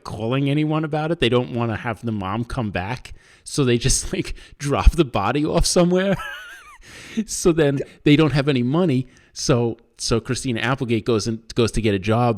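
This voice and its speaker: A man in his thirties hosting a podcast, rambling through a list of favorite films in casual chat, swearing and laughing often. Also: mid-range voice. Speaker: podcast host.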